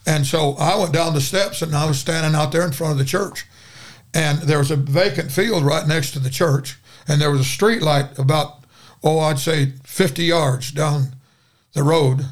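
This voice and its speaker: Older preacher telling a folksy story. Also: male voice, fairly high pitch, steady tone, moderate pace. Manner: folksy, dramatic storytelling with restarts. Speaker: guest preacher. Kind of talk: storytelling in a podcast conversation.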